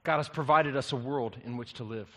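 A male pastor preaching a sermon, an animated storyteller who swings from loud to hushed. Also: medium pitch, fairly quick, big-room sound.

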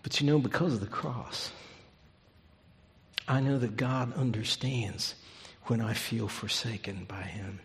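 A pastor preaching a sermon, his delivery swinging from loud emphatic peaks down to hushed, near-whispered lines. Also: mid-range voice, measured pace, vocal fry, pauses often, big-room sound.

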